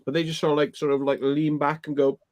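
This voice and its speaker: A man's voice: on the high side, little pitch movement, fast, darkish tone, dry recording. A man co-hosting a livestream chat, telling crude stories in a rambling way with lots of fillers. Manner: rambling, full of fillers and swearing. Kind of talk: casual anecdote-telling chat.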